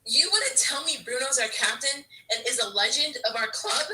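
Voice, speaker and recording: A woman's voice: high-pitched, animated, moderate pace, sharp tone, distant mic, rough recording. Exasperated woman fan ranting. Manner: frustrated, exasperated, stammering restarts. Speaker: football fan vlogger. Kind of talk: emotional fan rant to camera.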